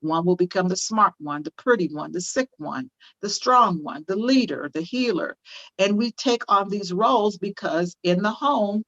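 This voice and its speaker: A woman's voice: on the low side, dull audio. An older woman speaking as an interview guest on parenting, emphatic and repeating phrases for stress. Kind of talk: conversational interview, teaching tone.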